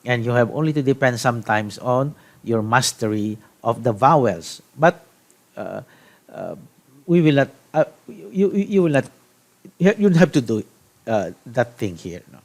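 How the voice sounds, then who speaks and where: A man from the Philippines teaching a Hebrew grammar lesson, deliberate, checking in with "okay?" and restarting phrases. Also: mid-range voice, expressive. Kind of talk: classroom grammar lecture.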